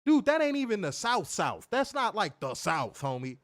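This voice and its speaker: Man, wrestling show co-host, high voice, lively swings in pitch, profane casual rant. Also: moderate pace. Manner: animated, swears freely, mimics voices, laughs loudly. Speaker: podcast co-host reviewing wrestling.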